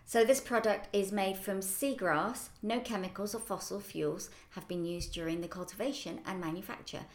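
A woman's voice: mid-range voice, moderate pace. A woman co-hosting a local podcast in casual, upbeat chat that wanders with fillers. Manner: chatty, upbeat, rambling with fillers. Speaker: podcast co-host. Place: office or shared workspace. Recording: roomy echoey room.

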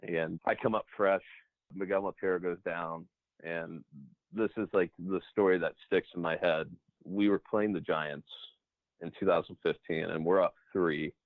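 Low-voiced man on a phone-like line. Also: normal speed, dry recording. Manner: animated anecdotes, acts out dialogue. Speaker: professional baseball player. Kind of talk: casual storytelling interview.

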